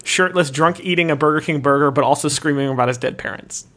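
A young man with a slightly high voice riffs through comedy ideas on a podcast. He rambles playfully, laughs into his own lines and keeps the bits going. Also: quick pace, sharp tone. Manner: rambling and playful, often laughing while acting out characters. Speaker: podcast co-host. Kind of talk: improvised comedy pitching.

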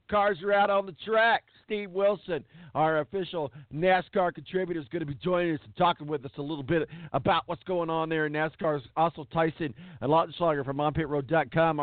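A man's voice: on the high side, no echo. A man hosting a sports talk show, ranting bluntly and hammering words for emphasis. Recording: tinny phone-like dry sound.

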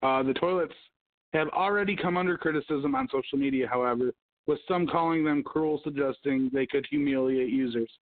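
A man's voice: mid-range voice, a little fast, dry recording. Profane ranting man on a tinny line. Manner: profane, ranting, hums to himself. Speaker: podcast host. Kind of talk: casual livestream rant. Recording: tinny phone-like sound.

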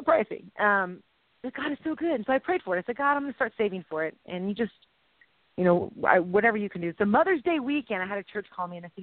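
On a faith-based chat show, a middle-aged female co-host talks fast, emotionally, and in a rambling way, sprinkling in playful sound effects. Her medium-pitched voice has lively intonation, and the tinny, phone-like audio is dry with no room sound.

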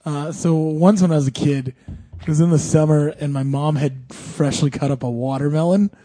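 Bright-voiced laughing man, dry mellow sound. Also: on the high side, fairly even intonation, moderate pace, no echo. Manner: chatty storyteller, laughs often. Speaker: podcast co-host. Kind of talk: casual chat.

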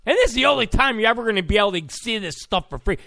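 High-pitched, gravelly sarcastic man ranting. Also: lively intonation, racing, pushed and bright, no echo, studio quality. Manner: sarcastic, mocking, blunt. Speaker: political commentator. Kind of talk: ranting political commentary.

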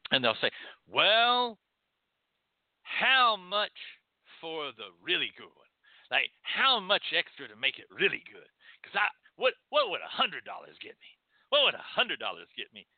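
A man with a Texan accent hosting a show, talking bluntly and sometimes profanely, acting out pleading clients in a higher voice. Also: normal speed, dry recording. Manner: animated, acts out pleading clients in a high voice. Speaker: host. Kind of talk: spoken teaching monologue. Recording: dry, tinny phone-like sound.

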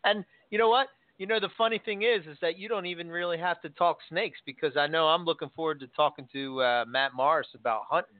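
An easygoing man hosts a relaxed chat, rambling along with plenty of filler words. The sound is dry and close, squeezed through a narrow phone-like band. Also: a little high, fast, few pauses, no room sound. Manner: easygoing, many "you know" fillers. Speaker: host. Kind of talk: casual chat. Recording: dry tinny phone-like line.

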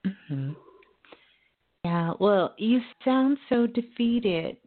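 A woman hosting a call-in radio show, giving calm spiritual advice with folksy, chatty asides. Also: on the high side, drawn-out words. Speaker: radio call-in host and psychic medium. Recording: phone-like narrow audio.

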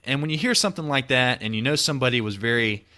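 A man's voice: mid-range voice, fast talker, pushed and bright. A man in his twenties hosting a podcast, chatting casually in a rambling, reflective way with many restarts. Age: 20s. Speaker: podcast host. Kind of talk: casual chat.

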